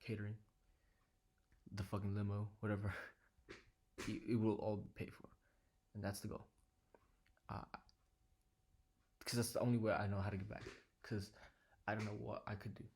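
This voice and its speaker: Low, gravelly, husky-voiced young man. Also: flat delivery, moderate pace, pauses often. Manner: quiet, low-key and earnest, sometimes dropping to a whisper. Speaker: vlogger. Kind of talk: reflective personal vlog. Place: living room at home.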